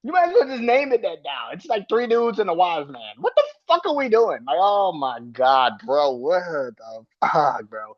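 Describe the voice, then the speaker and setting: A high-pitched, very animated man rants heatedly about wrestling on his podcast at normal speed with few pauses. The lo-fi audio sounds dull, and he swears, sounds exasperated and laughs in disbelief.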